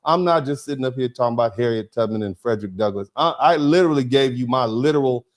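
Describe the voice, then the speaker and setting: A man hosting a livestream, reading out and thanking people from the chat. His voice sits at an ordinary middle pitch. He talks in a folksy, rambling way, circling back and repeating words for emphasis. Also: expressive, fast talker. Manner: folksy, calls listeners baby and bro. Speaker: host reading viewer chat.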